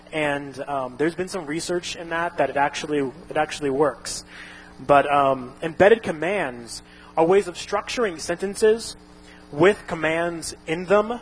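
A man's voice: a little high, slight background noise, rough recording. A man casually explaining a topic, rambling with frequent restarts and fillers. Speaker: instructor.

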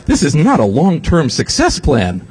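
On the high side and unhurried, this man delivers a comic talk to an audience over slight background noise. He's animated, sarcastic and freely profane, quoting others in mocking put-on voices.

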